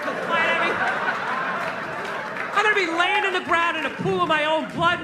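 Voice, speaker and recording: Male stand-up, exasperated profane ranter; echoey venue, loud laughing crowd. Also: very high-pitched, a little fast, very noisy. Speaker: stand-up comedian. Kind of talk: stand-up routine. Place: theater stage with live audience.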